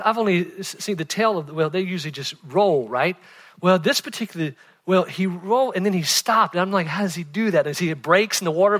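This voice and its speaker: A male pastor in his forties delivers a conversational sermon with a slightly high voice. He keeps checking in with his listeners and laughs easily, surging into loud excitement and then sinking into hushed tones. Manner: conversational, peppered with "right?", laughs often.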